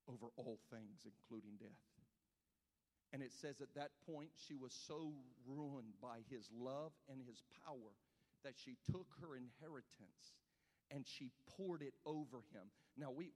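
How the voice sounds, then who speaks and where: A man preaching a sermon with passion, swinging between shouted peaks and hushed stretches. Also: mid-range voice. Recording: long reverb of a large hall.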